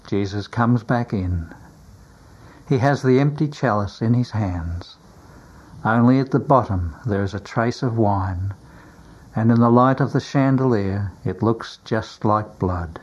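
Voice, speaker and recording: A man reading a religious story aloud in a grave, measured manner. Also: on the low side, breathy edge, lo-fi sound. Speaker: narrator. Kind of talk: scripted religious narration, audiobook reading.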